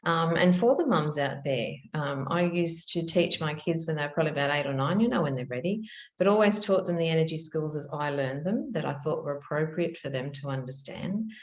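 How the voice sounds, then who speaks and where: A middle-aged woman teaching about spiritual practice in a gentle, earnest manner, telling stories with soft restarts. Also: deep voice, fairly quick, roomy sound. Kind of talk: reflective spoken teaching.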